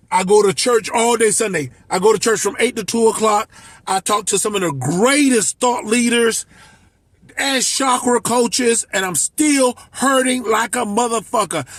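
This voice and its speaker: A man in his fifties from Miami, a life coach, delivering an impassioned, profane, shouting monologue. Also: high voice, no echo. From Miami, United States. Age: 50s. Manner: shouting, profane, emotional ranting.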